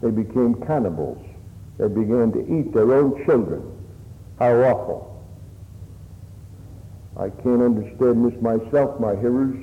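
A man preaching a sermon in an earnest, plain-spoken way, his voice rising for emphasis and dropping low to reflect. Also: unhurried, long pauses. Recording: echoey hall on a tinny line.

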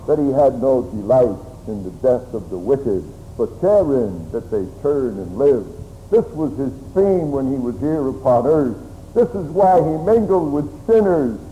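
A man preaching a sermon slowly and solemnly, with old-fashioned phrasing. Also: a little high, warm tone. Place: church. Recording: church hall reverb with faint room noise.

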